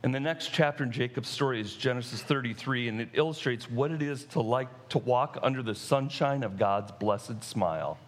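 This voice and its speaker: A middle-aged male pastor preaching a sermon, retelling a story and slowing down for emphasis. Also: mid-range voice.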